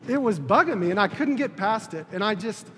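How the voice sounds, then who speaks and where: Earnest high-voiced man preaching in a hall. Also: lively intonation, fairly bright tone. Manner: halting, repeats words and restarts, earnest. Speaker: preacher on a church leadership team. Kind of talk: personal testimony sermon. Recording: long reverb, faint room noise.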